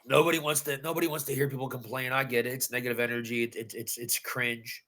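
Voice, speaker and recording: A man's voice: mid-range voice, level tone, fast talker, sharp tone. A man, a bare-knuckle fighter, recounting his win in a post-fight interview with intense, emphatic storytelling and repeated phrases. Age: adult.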